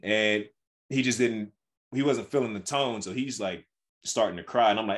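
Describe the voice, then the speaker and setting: This young podcast co-host has a lowish voice and talks at normal speed. Chatting casually, he relates a family story with animation, voicing the characters' lines.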